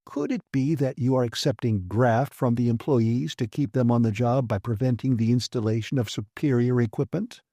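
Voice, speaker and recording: A man narrating an audiobook, voicing a pompous male station director who speaks calmly and condescendingly. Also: mid-range voice, normal speed, few pauses, no echo, studio quality, natural voice. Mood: sneering. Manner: calm, condescending, sarcastic. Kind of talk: audiobook character voice.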